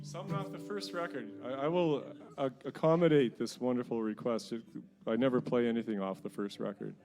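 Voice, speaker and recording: A middle-aged singer-songwriter from New Brunswick, telling rambling, self-mocking stories between songs at a house concert. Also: male voice, medium pitch, a little fast, darkish tone, soft background music. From New Brunswick, Canada. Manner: rambling, self-mocking anecdotes with frequent chuckles. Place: living room at a house concert.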